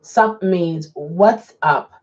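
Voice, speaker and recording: A woman's voice: on the low side, extremely slow, darkish tone. A woman chatting casually on a live stream as a rideshare driver, answering viewer comments and laughing often. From Baltimore. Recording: dull lo-fi sound.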